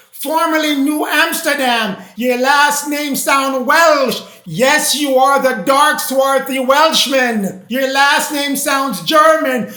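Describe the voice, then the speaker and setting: A high-pitched, bright-toned preacher who lectures slowly and deliberately. The delivery is emphatic and repetitive, with lines hammered home and sometimes shouted. The voice rings in a roomy, echoey space. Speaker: religious teacher. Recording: roomy echo.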